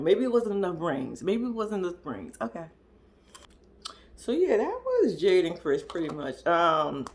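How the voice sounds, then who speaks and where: A woman, giving a casual recap of a reality show, laughing often and talking back to the people in it. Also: lowish voice.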